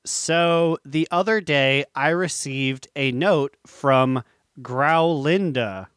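A man co-hosting a podcast in casual chat, easygoing and quick to laugh. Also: on the high side, fairly bright tone, smooth, dry recording, clean studio sound. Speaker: podcast co-host.

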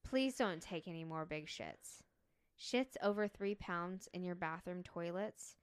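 A woman's voice: lowish voice, a little slow, smooth, no echo, studio quality. A young adult woman co-hosting a podcast, chatting casually, joking and cracking up easily. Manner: giggly, jokey, cracks up easily. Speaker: podcast co-host. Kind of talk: casual chat.

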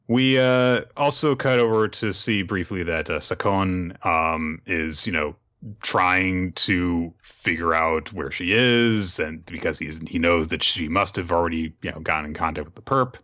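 Laid-back man with a slightly muffled sound. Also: a little slow. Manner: animated, laughing, jumps into high voices for characters. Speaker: podcast co-host. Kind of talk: casual chat recapping a manga chapter.

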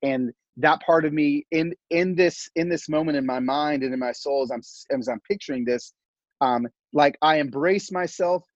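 A middle-aged man on a podcast, telling a heartfelt personal story in an animated, casual way full of fillers. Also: a little high, moderate pace, dry recording, lo-fi sound. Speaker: podcast guest.

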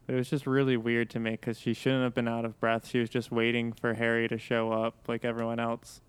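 A man's voice: mid-range voice, monotone, a little fast, clear, resonant tone, no echo. A man co-hosting a podcast in casual chat, joking and swearing freely. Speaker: podcast co-host and editor.

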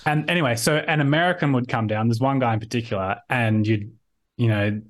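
A man's voice: mid-range voice, brisk. Australian man as interview guest over video call; chatty, restarts often, acts out quotes. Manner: rambling with frequent restarts, acts out quoted voices. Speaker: podcast guest. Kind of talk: casual conversational interview.

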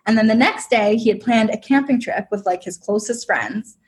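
A podcast guest with a voice on the high side talks at normal speed about something from her own life. Her manner is chatty and emotional, with plenty of "like."

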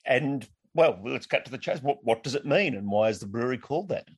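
A man's voice: medium pitch, lively intonation, a little fast. A middle-aged man hosting a beer podcast, upbeat and enthusiastic, with frequent "uh" fillers. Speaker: podcast host. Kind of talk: casual interview podcast.

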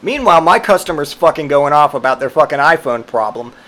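A man's voice: a little high, expressive, fairly quick, fairly bright tone. A man telling a rambling personal story, swearing freely and amused, with lots of fillers and restarts. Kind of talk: casual storytelling monologue.

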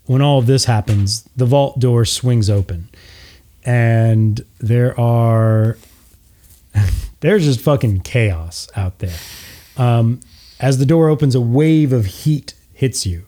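A man narrating a tabletop game as game master, relaxed, with frequent filler words. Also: medium pitch, takes it slowly.

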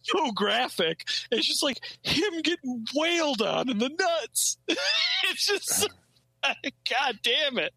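A man's voice: very high voice, big pitch swings, takes it slowly, gravelly, bright, forceful tone, slightly rough, no room sound, poor audio. A man co-hosting a casual comedy podcast chat, rambling, swearing and laughing often. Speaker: podcast co-host.

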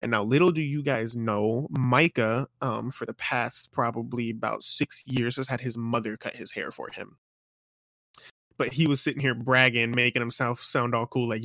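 A man's voice: medium pitch, fairly even intonation, moderate pace, bright, forceful tone, no room sound, clean studio sound. A young man co-hosting a casual gaming podcast, telling a funny story at an easygoing pace. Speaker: podcast co-host.

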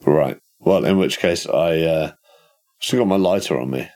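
Deep-voiced man playing a tabletop game. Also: normal speed, a little mellow. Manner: matter-of-fact, planning aloud, casual swearing. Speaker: player.

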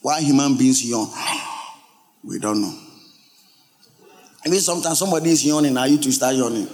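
A male pastor, preaching a lively sermon and asking his congregation questions. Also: mid-range voice, normal speed. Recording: long hall reverb.

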